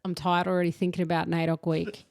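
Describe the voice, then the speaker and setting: Animated, slangy Aboriginal Australian woman. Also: lowish voice, fast, gravelly. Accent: Aboriginal Australian English. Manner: animated, laughs often, slangy. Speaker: podcast co-host. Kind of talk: casual chat.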